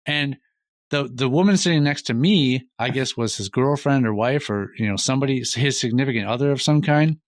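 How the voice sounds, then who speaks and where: A man's voice: medium pitch, fairly quick, no echo. A middle-aged man co-hosting a podcast, telling an anecdote in casual chat and acting out the lines of the people in it. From Minnesota. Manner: animated retelling, acting out other people's lines. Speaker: podcast co-host.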